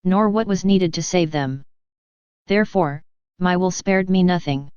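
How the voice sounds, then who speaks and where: A woman reading the lines of Jesus as a gentle, loving divine speaker, slow and solemn, in a devotional reading. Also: on the low side, smooth, no echo, close to an everyday voice. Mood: tender solemn. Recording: dull lo-fi dry recording.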